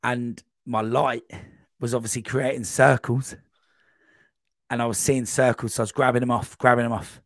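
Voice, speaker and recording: A man guest on a podcast, telling a long, rambling running anecdote in a casual, animated way. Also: mid-range voice, normal speed, no room sound. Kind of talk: casual storytelling.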